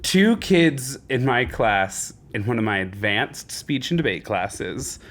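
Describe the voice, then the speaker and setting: A man's voice: mid-range voice, takes it slowly. A man co-hosting a podcast, telling funny stories from his teaching job with lots of laughter and acted-out voices. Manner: animated, laughing, acts out voices in anecdotes. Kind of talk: casual chat, storytelling.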